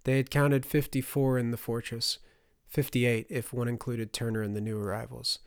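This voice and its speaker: Male audiobook narrator, measured narration, gravelly texture, dry close mic. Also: medium pitch, flat delivery, dry recording. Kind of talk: scripted narration.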